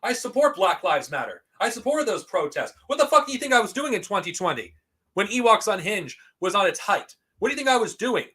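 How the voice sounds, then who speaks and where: A man's voice: sits high, sing-song, a little fast, sharp tone. A man streamer reacting to a stream about himself, talking back indignantly and swearing as he defends his views. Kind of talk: angry reaction commentary.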